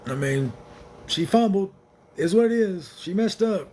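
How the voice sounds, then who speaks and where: A man's voice: sits high, expressive, a little slow, dark tone, a little hiss or hum. Blunt, rambling man streaming live. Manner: blunt, rambling, laid-back and joking. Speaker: livestream host. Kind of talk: casual livestream chat with viewers.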